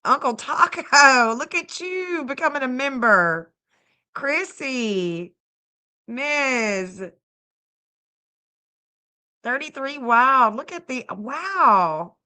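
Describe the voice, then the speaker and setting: A woman's voice: high-pitched, animated, extremely slow, long pauses, sharp tone. A woman hosting a casual livestream, gushing over viewers and thanking them by name. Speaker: livestream host and astrologer.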